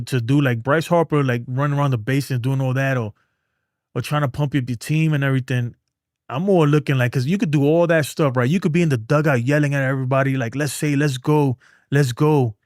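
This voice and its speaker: A man's voice: medium pitch, a little mellow, no echo, studio quality. Slangy, rambling man talking sports. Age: adult with a son. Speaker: streamer. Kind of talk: casual sports talk.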